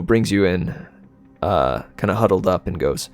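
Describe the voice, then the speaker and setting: A man narrating a tabletop game as game master, relaxed and hesitant with many fillers. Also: deep voice, normal speed, clean tone.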